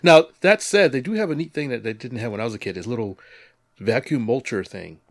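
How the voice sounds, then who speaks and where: A man co-hosting a hobby podcast, chatting casually, animated and joking with frequent laughs. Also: medium pitch, fast, dry recording, clean studio sound. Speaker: podcast co-host. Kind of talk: casual chat.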